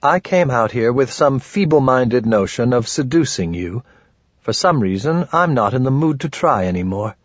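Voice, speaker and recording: A man voicing a wry, exasperated woman who talks sarcastically, in a husky voice. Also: medium pitch, expressive, moderate pace, dry recording, dull audio. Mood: sulky. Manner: sarcastic, teasing.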